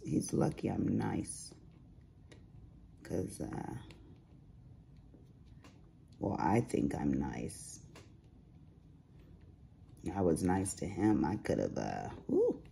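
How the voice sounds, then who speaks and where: A woman's voice: a bass voice, creaky, mellow, a little hiss or hum. A middle-aged woman chatting casually while crafting at home, telling sassy stories with big swings in her voice. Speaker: crafting vlogger.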